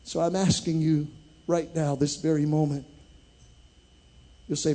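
A man preaching a sermon as pastor, impassioned, swinging from loud climaxes to hushed storytelling. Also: on the high side, level tone, a little slow.

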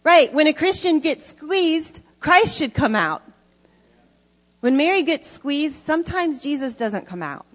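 A woman's voice: high-pitched, big pitch swings, measured pace, in a large hall. A woman preaching a sermon to a congregation, emphatic and conversational, often asking the audience questions. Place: church hall before an audience.

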